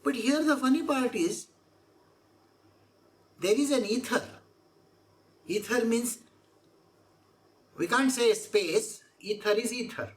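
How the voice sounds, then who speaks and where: A woman's voice: on the high side, slow, pauses often. A woman explaining scripture verse by verse as a spiritual teacher, repeating her points and asking rhetorical questions. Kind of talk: scripture exposition talk.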